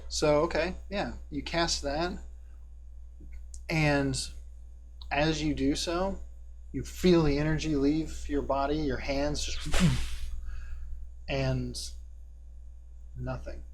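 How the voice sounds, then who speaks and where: A man running a tabletop game as game master, describing scenes with a measured, descriptive delivery. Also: fairly high pitch, fairly even intonation, a little hiss or hum. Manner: descriptive, measured narration with fillers.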